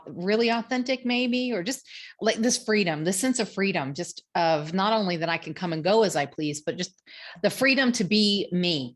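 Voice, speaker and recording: A woman co-host chatting casually, reflective and fond of "like". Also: on the low side. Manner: reflective, lots of "like" and encouraging "mm-hmm"s. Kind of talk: casual chat.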